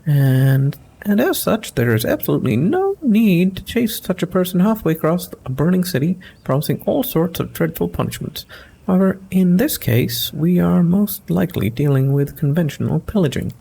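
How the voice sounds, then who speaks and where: A man's voice: high voice, sing-song, normal speed, creaky, mellow, slight background noise, voice pushed up, heavily acted. A man doing a prim, lecturing scholar woman. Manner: fussy, lecturing.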